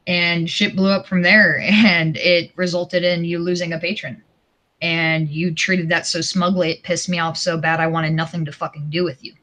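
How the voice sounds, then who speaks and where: Male stream guest, bright sharp voice, venting grievances with lots of cursing and restarts. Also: fairly high pitch. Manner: aggrieved, profane, halting restarts. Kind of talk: heated livestream grievance.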